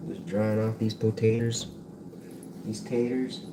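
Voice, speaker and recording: A man's voice: on the low side, steady tone, a little slow. A young man hosting a casual cooking livestream from his home kitchen, chatting in a rambling, jokey way as he works. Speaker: livestream host. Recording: noisy home livestream audio.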